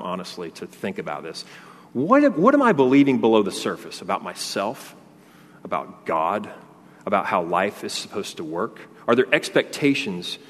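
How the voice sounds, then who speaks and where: A man preaching a sermon in a conversational way, often repeating and restarting his words. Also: on the low side. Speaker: pastor. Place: church sanctuary. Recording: long reverb of a large hall.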